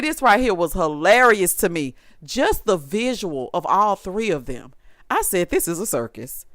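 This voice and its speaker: A woman's voice: mid-range voice, fairly bright tone, dry recording, clean studio sound. A young adult woman giving a sassy, casual recap of a reality show, talking straight to her viewers. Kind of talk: casual commentary.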